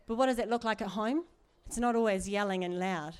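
A woman's voice: medium pitch, brisk, darkish tone, clear, resonant tone. A middle-aged woman preaching in a chatty, earnest way, with asides and laughs. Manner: conversational, earnest, laughs often, many asides. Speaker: church speaker. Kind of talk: sermon.

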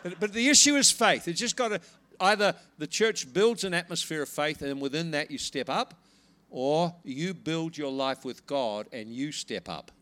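A man preaching to a congregation, telling a healing story in a lively, animated way. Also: fairly high pitch. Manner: animated storytelling, rises to laughing excitement. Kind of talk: sermon with personal story.

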